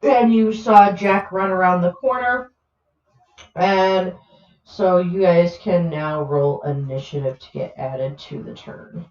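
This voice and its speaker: A woman runs a tabletop game at an unhurried pace, relaxed and filling pauses with ums. Her voice sounds roomy and a little dull, like online call audio. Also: fairly low pitch. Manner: relaxed, hesitant with many fillers. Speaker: game master.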